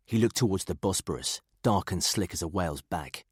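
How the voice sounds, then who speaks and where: A man reading a thriller audiobook in a measured, even way. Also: low voice, slightly rough, dry recording, studio quality. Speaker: audiobook narrator. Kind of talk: scripted thriller narration.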